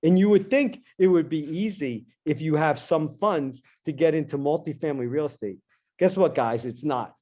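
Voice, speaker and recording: Middle-aged guy with a mellow warm voice, animated storytelling in an interview. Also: fairly high pitch, moderate pace. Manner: animated storyteller, acts out his own past lines. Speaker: interview guest, dentist and investor.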